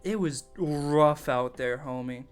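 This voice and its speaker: A man's voice: a little high, slow, clean tone, faint music behind. Young man telling a profane story. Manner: casual, profane, laughs often while telling. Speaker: storytelling vlogger. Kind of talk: casual story time.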